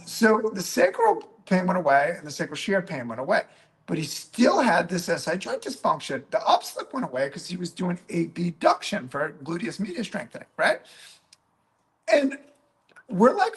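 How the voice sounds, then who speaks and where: Animated high-voiced male clinician. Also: normal speed. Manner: animated, peppers talk with "right?" and "okay?"; acts out his own past remarks. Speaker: physical therapist and clinic coach. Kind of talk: teaching through a patient story.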